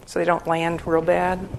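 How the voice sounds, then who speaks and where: A woman's voice: lowish voice, creaky, noisy background. A woman giving an informal dharma talk as a Buddhist meditation teacher, conversational and humorous, often breaking into laughter.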